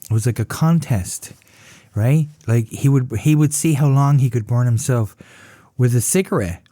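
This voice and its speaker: A man in his fifties telling a story in a casual, profane, animated way, often laughing. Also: mid-range voice, moderate pace, no room sound, studio quality. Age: 50s. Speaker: podcast host.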